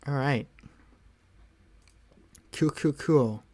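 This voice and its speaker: Male livestream host, relaxed and rambling, fills the gaps between songs with loose chatter and frequent chuckles. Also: mid-range voice, very slow. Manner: rambling, laid-back, chuckles often. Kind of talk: casual chat between songs.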